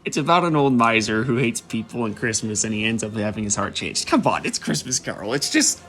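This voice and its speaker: A man's voice: on the low side, expressive, brisk, a bit bright, faint music behind. Chatty, rambling young man. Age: young adult. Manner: chatty, rambling, apologetic asides. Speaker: vlogger ranking movies. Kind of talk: casual chat.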